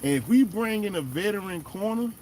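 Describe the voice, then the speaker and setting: A man hosting a fan show, giving animated, emphatic casual commentary and talking straight to the players. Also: high voice, fairly quick, a little hiss or hum. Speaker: sports fan show host.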